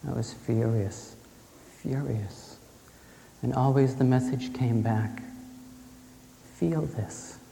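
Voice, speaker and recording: Mellow gravelly man in echoey hall. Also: mid-range voice, fairly even intonation, slow, slight background noise. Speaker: speaker. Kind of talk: personal storytelling talk. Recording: echoey hall with faint ambience.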